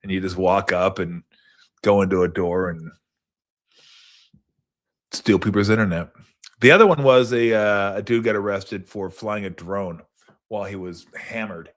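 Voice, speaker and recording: A middle-aged man hosting a sports talk show, rambling casually and cursing, sometimes acting out people in high mocking voices. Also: steady tone, measured pace, long pauses. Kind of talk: casual solo rambling recap.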